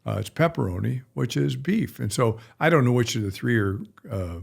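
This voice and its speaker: A man's voice: medium pitch, animated, normal speed, vocal fry. A middle-aged male veterinarian chatting on a podcast, rambling and folksy with blunt asides. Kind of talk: casual podcast chat.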